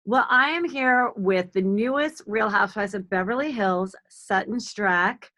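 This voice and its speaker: A woman's voice: medium pitch, measured pace, sharp tone. A woman in her forties, a comedian hosting a podcast, chatting in a gossipy way with frequent ums. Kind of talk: casual interview chat.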